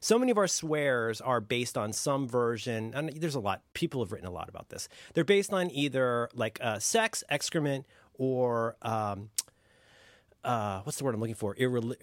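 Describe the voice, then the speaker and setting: Man, podcast co-host, casual, playful musing, animated pitch, dry room. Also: dry recording. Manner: musing, searching for words, playful. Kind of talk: casual chat.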